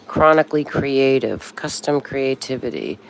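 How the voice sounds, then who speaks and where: A woman's voice: extremely low pitch, lively intonation, unhurried, vocal fry, a little hiss or hum. A woman in her sixties chatting casually on a live stream, talkative and swearing freely when frustrated. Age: 60s.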